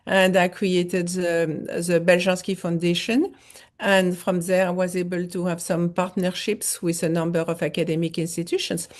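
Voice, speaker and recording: A middle-aged woman from France with a French accent, telling her story in an interview with many pauses and restarts. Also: fairly low pitch, little pitch movement. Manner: halting, many fillers and restarts. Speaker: foundation founder, guest. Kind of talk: interview conversation.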